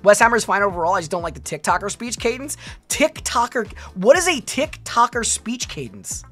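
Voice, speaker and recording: A woman's voice: medium pitch, sing-song, moderate pace, faint music behind. A young woman streaming casually, reading her chat aloud and reacting with chatty restarts.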